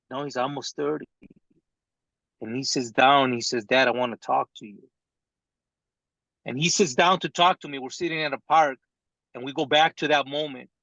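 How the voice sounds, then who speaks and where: Gravelly guy slowly telling a heavy personal story, dull dry lo-fi sound. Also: medium pitch, bright, forceful tone, dry recording. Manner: slow, halting storytelling with long pauses. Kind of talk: live training talk, emotional personal story.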